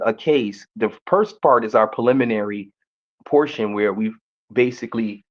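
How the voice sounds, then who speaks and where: A man's voice: lowish voice, dull audio. A man hosting a faith-based arbitration show, hearing a case, often repeating words and restarting.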